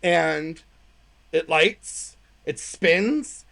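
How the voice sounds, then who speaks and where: An American woman co-hosting a podcast, telling a story in casual chat with animated delivery and playful sound effects. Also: low-pitched, very slow, vocal fry. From United States. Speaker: podcast co-host.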